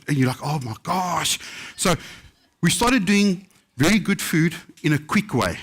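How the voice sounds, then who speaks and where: A middle-aged man, a chef, telling anecdotes in a casual, lively storytelling way at a book festival and acting out the quotes. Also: a little high, measured pace, husky.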